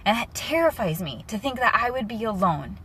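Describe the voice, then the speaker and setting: A woman's voice: medium pitch, brisk, breathy edge. A young woman talking candidly and emotionally to camera in a personal vlog. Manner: candid and emotional, lively asides. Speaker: vlogger.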